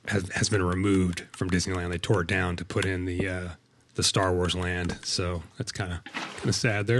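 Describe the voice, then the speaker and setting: A man's voice: lowish voice, slight background noise. A middle-aged man telling a long personal story in a casual, rambling way while playing a game, with many fillers and restarts. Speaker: Minecraft let's play host.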